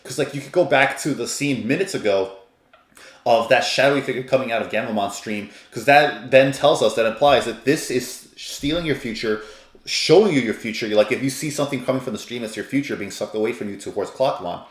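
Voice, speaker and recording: A man's voice: medium pitch, brisk. Rambling, enthusiastic man in an echoey room. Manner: rambling and enthusiastic, many fillers. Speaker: anime reviewer. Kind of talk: casual episode review.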